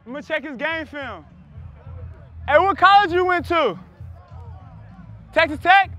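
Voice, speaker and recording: A young man, a pro football wide receiver, joking and trash talking loudly at practice on a wireless body mic outdoors. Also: very high-pitched, animated, unhurried, soft background music. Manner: loud, joking, teasing trash talk. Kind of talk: mic'd up banter at practice.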